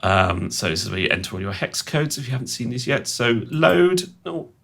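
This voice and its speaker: Gravelly, lively man demoing synths. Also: medium pitch, normal speed. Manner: chatty, rambling and self-mocking. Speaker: sound designer presenting his synth patches. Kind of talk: casual software walkthrough.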